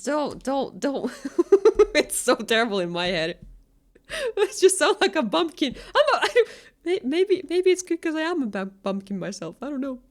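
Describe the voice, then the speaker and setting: A woman's voice: high voice, big pitch swings, moderate pace. A woman, chatting casually and giggling as a streamer. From Finland. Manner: giggly, self-deprecating. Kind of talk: casual chat while reading a game.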